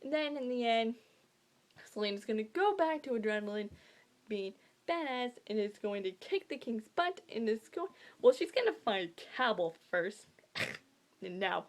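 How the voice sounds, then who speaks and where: Young woman book vlogger, slightly high voice, gushing and breathless, casual fan chatter. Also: expressive, normal speed. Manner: gushing, breathless, swings between whispers and squeals. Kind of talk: excited casual book talk.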